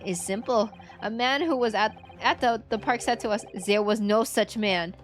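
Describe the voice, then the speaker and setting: A woman's voice: a little high, normal speed, faint music behind, close to an everyday voice. A woman voicing a curt, bossy male gang boss who speaks dismissively.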